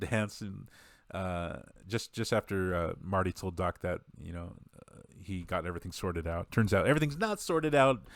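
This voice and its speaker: A man's voice: deep voice, no echo, studio quality. A man on a podcast mic, casually recapping a movie in a rambling way, laughing and acting out the quotes. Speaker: podcast co-host.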